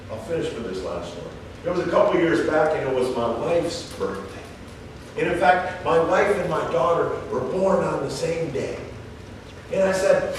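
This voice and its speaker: A man from San Diego, a wrestling coach, giving a motivational faith talk full of stories and acted-out quotes in a large indoor gym. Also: sits high. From San Diego, California. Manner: animated storyteller, acts out the quotes. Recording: echoey hall from far off, faint noise.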